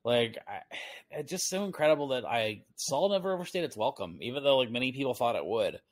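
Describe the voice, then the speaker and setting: A man's voice: mid-range voice, expressive, fairly quick. A man hosting a podcast, chatting casually and animatedly, often laughing and acting out imagined voices. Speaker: podcast host. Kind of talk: casual chat.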